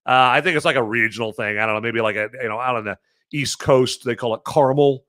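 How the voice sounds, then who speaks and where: A chatty male podcast host with a bright, forceful tone, recorded dry and close. He rambles and corrects himself as he goes, punching some words and muttering others under his breath. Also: medium pitch, quick pace, dry recording. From American Midwest. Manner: rambling, self-correcting, chatty with lots of fillers; animated swings between loud emphasis and muttered asides. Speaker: podcast host reviewing movies and beer. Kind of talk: casual solo commentary.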